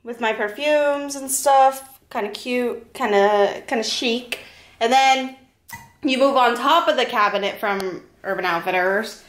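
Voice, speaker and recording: A vlogger in her twenties gives a casual tour of her apartment bedroom, speaking candidly and cursing freely. Her voice is fairly high and unhurried, and the room sounds echoey.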